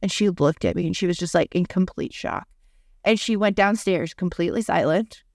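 A woman's voice: lowish voice, moderate pace, vocal fry, a little mellow, no echo, clean studio sound. A woman hosting a podcast, telling a personal story in a casual, chatty way, full of "like". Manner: chatty, heavy use of "like". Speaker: podcast host.

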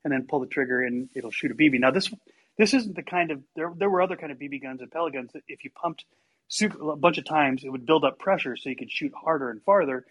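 A man telling a story in casual chat, animated and acting out the quotes. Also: fairly high pitch, quick pace, slightly rough, poor audio. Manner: animated, acts out quotes with big voice shifts.

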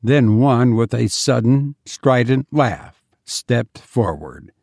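A male audiobook narrator reading in a slow, measured and dramatic way. His voice has a gravelly grain, and the recording is close and completely dry. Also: mid-range voice, expressive, darkish tone, dry recording. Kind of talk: scripted narration.

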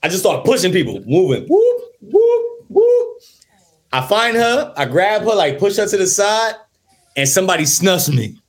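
A man, a rapper, excitedly telling stories in casual chat with frequent laughs. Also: high voice, a little fast. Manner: lively, laughing, excitable storyteller.

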